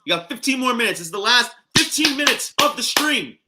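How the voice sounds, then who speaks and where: A man co-hosting a casual livestream chat, excitable and quick to laugh, with loud bursts. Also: very high-pitched, very noisy. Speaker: co-host.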